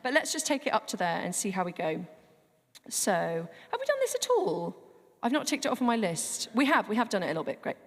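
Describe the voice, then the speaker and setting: A woman's voice: mid-range voice, big pitch swings, brisk. Woman coaching a choir in a reverberant church. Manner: chatty, demonstrates pronunciation word by word. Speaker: choir director. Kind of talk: rehearsal coaching. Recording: long hall reverb.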